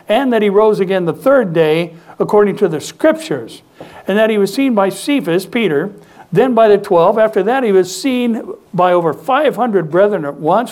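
A man's voice: high-pitched, darkish tone. A man preaching a sermon as pastor, emphatic and calling on the congregation to answer back. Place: church sanctuary.

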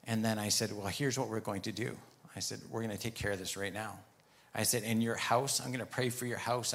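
A man's voice: lowish voice, vocal fry, a bit bright. A man preaching a sermon, telling a story and retelling conversations as he goes, then turning firm and emphatic on commands.

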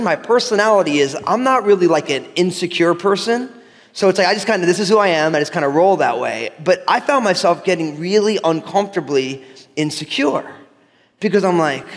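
Male pastor from New Jersey, high voice, chatty self-mocking storyteller, recorded in a reverberant hall. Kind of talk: sermon.

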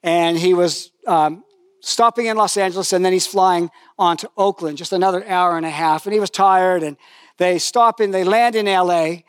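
A man's voice: sits high, moderate pace, smooth, no echo, clean studio sound. An older man preaching a sermon, chatty and joking as he tells a story, then praying and reading scripture. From lived in New Zealand for decades.

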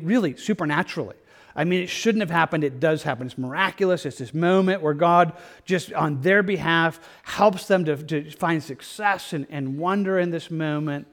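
A man pastor preaching a verse-by-verse sermon in an earnest, conversational way. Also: sits high. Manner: conversational, earnest, with restarts and "like" asides.

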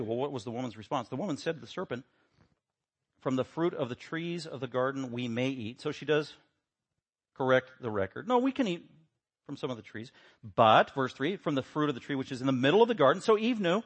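A man preaching a sermon, emphatic, building to loud rhetorical questions. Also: mid-range voice. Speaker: pastor.

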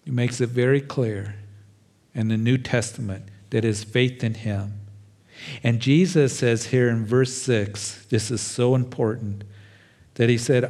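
A male pastor delivering a sermon to his congregation. His voice sits at an ordinary middle pitch. He teaches earnestly, often restarting phrases with repeated words. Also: a little mellow.

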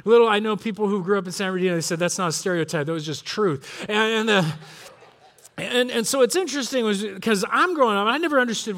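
A middle-aged man from Southern California delivers a conversational sermon, his voice sitting high for a man. He tells stories with energy and slips into the voices of the people in them. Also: fast. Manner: storytelling, animated, acts out voices of family. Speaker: pastor.

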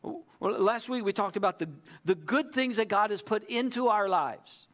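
Guy preaching, kinda high voice, talks to the crowd like a chat, lots of "right?". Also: lively intonation, normal speed, fairly bright tone. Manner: conversational, repeats "right?" to the audience. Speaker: pastor. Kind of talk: sermon.

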